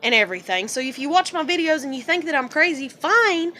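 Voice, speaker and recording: A woman with a high voice ranting straight into a personal vlog. She is blunt and swears freely. She sounds heated and passionate, and her speech rambles from point to point. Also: expressive, fairly quick, bright, forceful tone, a little hiss or hum. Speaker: vlogger.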